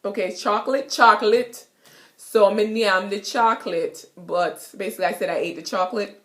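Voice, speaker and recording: A young Jamaican woman recording herself in her apartment, giving a casual lesson and repeating each phrase slowly. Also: mid-range voice. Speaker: language teacher vlogger. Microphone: self-recorded camera.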